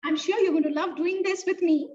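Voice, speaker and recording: A woman teaching an online lesson to young children, in an animated, sing-song teacher voice that slows to stress key words. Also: extremely high pitch, a little hiss or hum. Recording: distant, dull lo-fi sound.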